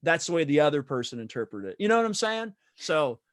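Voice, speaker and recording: A man who is a guest on a podcast talks in a rambling, casual way, repeating words and laughing easily. His voice is fairly high for a man and swings widely in pitch. The recording is close and dry. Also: sing-song, quick pace, dry recording.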